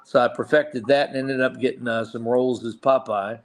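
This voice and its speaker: A middle-aged man in a relaxed interview, spinning long career stories at an even, mid-range pitch. He rambles, restarts his sentences and trails into asides as he goes. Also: normal speed. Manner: rambling anecdotes with many restarts. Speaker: guest voice actor. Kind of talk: casual storytelling interview.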